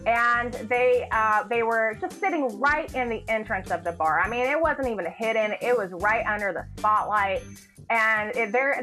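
A woman from Kentucky telling a story casually, acting out the people in it with shifting voices. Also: fairly high pitch. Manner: animated, acts out quotes in shifting voices. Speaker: guest, hotel general manager.

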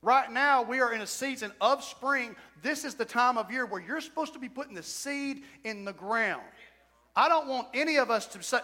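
A man preaching a sermon as pastor, with shouted whoops and emphatic repetition. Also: very high voice, normal speed. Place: church sanctuary. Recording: church hall reverb.

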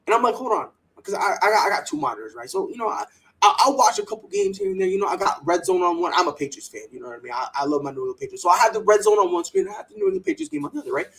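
On poor audio, a high-pitched, creaky male voice fires off words rapidly. He's a sports podcast host who rants with strong opinions, animated and heated, quoting people mockingly in a put-on voice.

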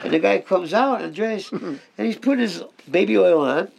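A man on a podcast telling a rambling story in casual, crude banter, full of halting restarts. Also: high-pitched, animated, vocal fry, darkish tone. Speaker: podcast co-host.

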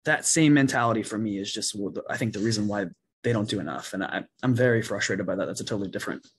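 A male podcast host with a husky edge to his voice, talking earnestly in a relaxed chat. He works his thoughts out aloud and hedges them with small fillers. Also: lowish voice, fast talker. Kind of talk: casual podcast conversation.

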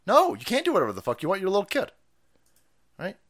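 A man streaming ranting commentary, foul-mouthed and loud, laughing and jumping between mutters and yells. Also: high-pitched, huge pitch swings, fast talker.

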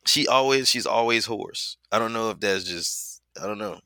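A man's voice: lowish voice, moderate pace, gravelly, hardly any pauses, bright, forceful tone, no room sound. A man co-hosting a casual podcast, blunt and mocking in his opinions. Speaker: podcast co-host.

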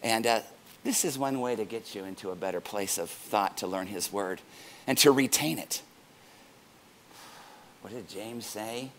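Playful, gravelly middle-aged pastor preaching. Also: male voice, lowish voice, unhurried, long pauses, a little hiss or hum. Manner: playful, joking, animated. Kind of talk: sermon.

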